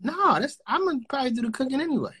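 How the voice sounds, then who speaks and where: A man's voice: very high voice, very animated, racing, sharp tone, husky. A man in casual chat, talking loosely and profanely and often circling back on his words. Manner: loose, profane, rambling and repeats himself.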